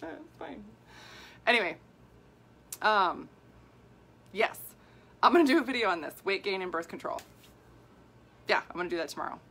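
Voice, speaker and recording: A woman in her forties, a women's health coach, talking casually in a live video, animated and worked up as she answers viewer comments. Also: medium pitch, normal speed, pauses often. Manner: animated and worked up, laughing, acting out quoted people.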